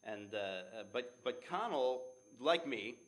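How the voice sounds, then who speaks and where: A man's voice: medium pitch, expressive, takes it slowly, a bit bright. A man, a theater's artistic director, answering interview questions with enthusiasm and telling stories. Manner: enthusiastic, storytelling.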